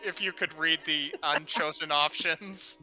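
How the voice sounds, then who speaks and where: A man's voice: a little high, fairly even intonation, unhurried, bright, forceful tone. A man hosting a live reading, making flustered, chatty asides. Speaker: host of the reading.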